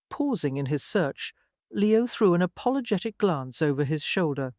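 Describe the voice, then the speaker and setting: An audiobook narrator reading a historical romance in an even storytelling delivery. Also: medium pitch, normal speed, dry recording, clean studio sound. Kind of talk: scripted narration.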